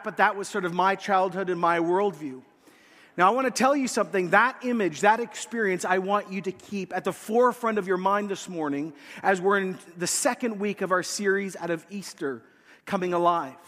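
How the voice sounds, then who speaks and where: A man preaching a sermon to his congregation, telling a story with lively energy and shouting out the quoted lines. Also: high voice. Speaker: pastor. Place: church hall, in front of a congregation. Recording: long reverb in a large hall.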